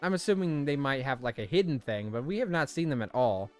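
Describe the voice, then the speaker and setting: A man hosting a gameplay video, chatting casually and reading game text aloud, animated and often laughing. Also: medium pitch, brisk, faint music behind. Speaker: let's play host.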